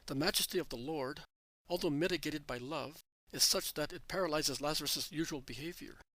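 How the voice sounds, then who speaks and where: A man reading religious narration in an even, measured way. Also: on the high side, dry recording, poor audio. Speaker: reader.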